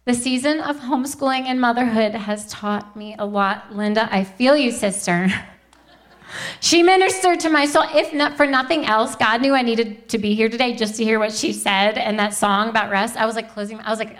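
A woman's voice: a little high, moderate pace, fairly bright tone. A woman in her thirties giving a heartfelt faith testimony to a live audience, earnest and chatty with laughing asides to the crowd. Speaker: Christian speaker.

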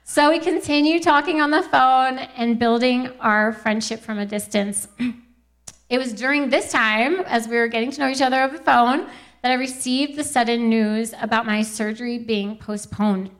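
A woman's voice: fairly high pitch, steady tone, normal speed. Earnest young woman giving a testimony. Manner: earnest, quotes scripture, laughs easily. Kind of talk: Christian testimony talk.

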